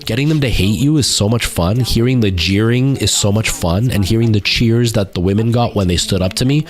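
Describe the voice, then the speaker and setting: A man's voice: fairly low pitch, brisk. A man talking casually on his live stream, telling a rambling story with many fillers and restarts. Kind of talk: casual chat.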